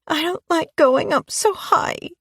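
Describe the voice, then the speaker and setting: A woman doing a high, tearful little girl. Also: slow pace, no echo, clean studio sound, heavily acted. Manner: high, whimpering. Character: tearful small seven-year-old girl.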